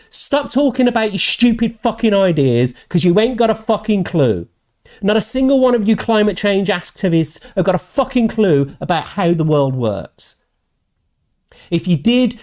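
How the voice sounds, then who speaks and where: A man hosting his own show, ranting angrily with constant swearing and mocking quotes in a higher voice. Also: a little mellow. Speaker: host. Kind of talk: ranting commentary.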